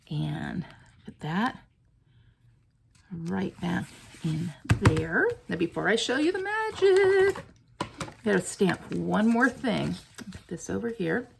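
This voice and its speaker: A woman, chatting excitedly as she demonstrates stamping a card. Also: medium pitch, gravelly, a little hiss or hum. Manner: chatty and excitable, cooing over her work. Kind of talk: casual craft tutorial.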